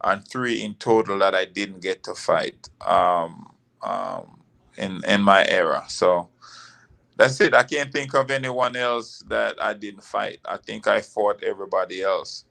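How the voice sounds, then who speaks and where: A man with a gravelly, bright voice, talking as a guest in a casual interview. He tells his stories in a loose, rambling way and leans on fillers. His voice has a worn, rough grain. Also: on the low side, a little slow. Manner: relaxed, rambling storytelling with fillers. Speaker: guest, former boxer.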